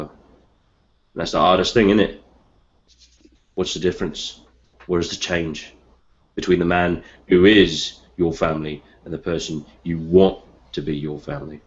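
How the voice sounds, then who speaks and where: A man playing a bitter, grieving young outcast hunter, delivering a blunt, sweary in-character monologue in a tabletop game. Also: close to an everyday voice. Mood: wistful. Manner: brooding, blunt, sweary, low and slow. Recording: muffled lo-fi recording.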